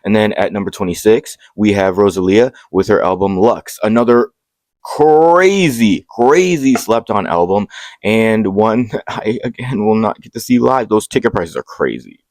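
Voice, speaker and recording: A young man hosting a casual album countdown, excitable, swearing freely and dropping joking asides. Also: on the low side, moderate pace, hardly any pauses, no echo. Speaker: music video host.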